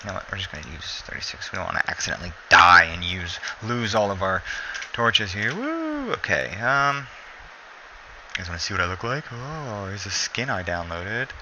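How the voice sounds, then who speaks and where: A man's voice: sits low, fairly quick, noisy background. A sleepy man giving casual gameplay commentary, rambling and correcting himself as he plays. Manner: rambling, self-correcting, relaxed. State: sleepy, yawning.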